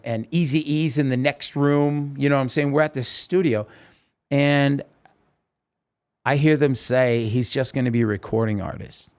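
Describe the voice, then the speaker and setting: A middle-aged man telling a story as a podcast guest, lively and acting out the voices of the people he quotes. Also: mid-range voice, clear, resonant tone. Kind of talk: casual storytelling interview.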